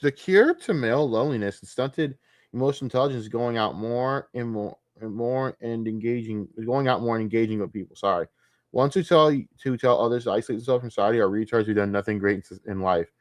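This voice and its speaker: A man's voice: lowish voice, fast talker, no room sound, clean studio sound. A man streaming late at night, ranting with a lot of profanity and getting easily distracted.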